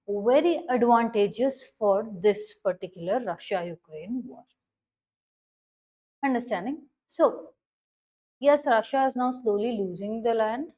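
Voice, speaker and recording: A woman's voice: fairly high pitch, expressive, slow pace, a little mellow, rough recording. A woman explaining current affairs as a teacher, stressing key words and often checking if listeners follow.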